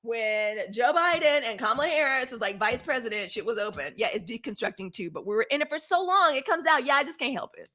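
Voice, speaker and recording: A fifty-something woman with a Mississippi Southern accent hosts a casual live news stream. Her voice sits a little high, and she chats in an animated way straight to her viewers. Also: fairly quick, few pauses. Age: 50s. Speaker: live news show host.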